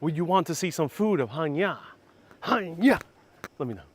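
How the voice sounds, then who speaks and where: A man's voice: fairly high pitch, lively intonation, fast talker. Man giving a casual live walking tour. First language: Spanish. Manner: casual, reads viewer comments aloud, self-correcting. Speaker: travel vlog host. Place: outdoors in old town streets. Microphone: phone on gimbal with clip-on mic.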